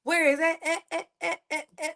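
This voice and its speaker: A woman's voice: very high voice, flat delivery, fairly quick, a bit bright. A woman hosting a casual live stream, chatting playfully with viewers and repeating her phrases. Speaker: livestream host.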